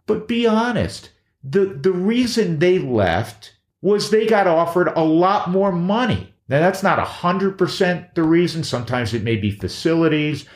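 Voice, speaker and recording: A man hosting his own podcast, reading ads and chatting in an energetic, emphatic way that repeats key phrases. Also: fairly high pitch, echoey room. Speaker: podcast host. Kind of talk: casual chat and live ad reads.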